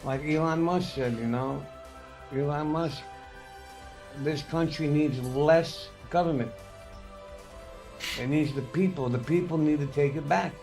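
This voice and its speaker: A man's voice: on the high side, measured pace, gravelly, pauses often, darkish tone, faint music behind. A man hosting a casual livestream chat, swearing freely and laughing as he tells stories. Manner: profane, laughing storyteller. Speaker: podcast host.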